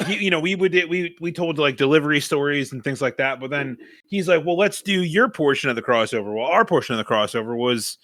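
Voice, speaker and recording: A man's voice: on the high side, a little fast, few pauses, no room sound. A young man co-hosting a podcast in casual chat, telling stories with lots of laughter and swearing. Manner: animated storyteller, swears freely, laughs often. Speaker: podcast co-host.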